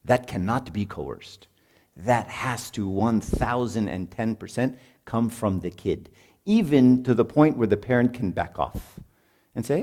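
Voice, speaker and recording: A man's voice: mid-range voice, expressive, measured pace, darkish tone. Informal, conversational man preaching to parents. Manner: informal, peppered with "right?", acts out parents and kids. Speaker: speaker at a marriage retreat.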